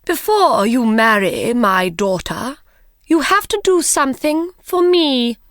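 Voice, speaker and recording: A woman voicing a cruel, jealous queen delivering slow threats in a storybook. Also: high voice, expressive, a bit bright, no room sound, studio quality, pitched above the performer's own voice, full character voice. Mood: threatening.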